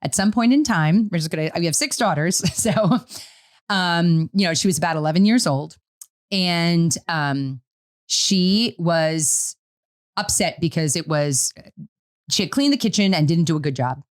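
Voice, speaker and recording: A middle-aged woman co-hosting a casual parenting talk, telling a family story in an animated way and acting out what she said. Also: lowish voice, measured pace. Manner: animated storytelling, quotes her own words. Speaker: podcast co-host.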